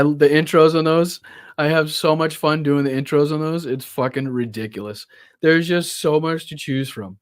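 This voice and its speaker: A man hosting a political livestream, talking casually and rambling with lots of swearing and quick apologies. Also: mid-range voice, no echo, studio quality. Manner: profane, rambling, apologetic asides. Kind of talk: casual live commentary.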